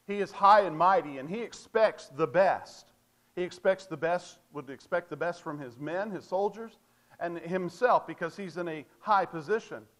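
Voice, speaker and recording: A man's voice: sits high, moderate pace, fairly bright tone. A man preaching a sermon, emphatic and repetitive, asking rhetorical questions and stressing key phrases.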